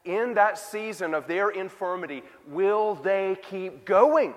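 Guy with a high voice preaching, lots of questions to the crowd, big echoey church sound. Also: animated, slow pace, few pauses. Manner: conversational preaching with rhetorical questions. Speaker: pastor. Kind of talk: sermon.

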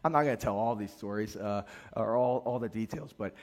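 A middle-aged man preaching a sermon as a pastor, animated and acting out the voices in his stories. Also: fairly low pitch, a little fast. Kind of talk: sermon with storytelling.

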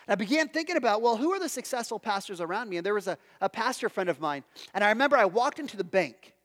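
A man with a high voice preaches a sermon as a pastor, easygoing and chatty, stumbling and restarting as he tells stories at his own expense. His voice rings out in a church sanctuary with a long, trailing reverb. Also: expressive, fast talker, fairly bright tone. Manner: conversational, self-deprecating storytelling with many restarts.

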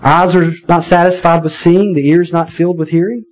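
A man preaching a sermon in a conversational, animated way, with wry asides to the congregation. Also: fairly high pitch, a little fast, faint music behind, rough recording. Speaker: pastor.

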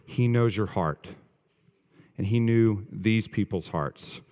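A man's voice: lowish voice, slow, warm tone, in a large hall. A male pastor preaching a sermon earnestly, stressing points through repetition.

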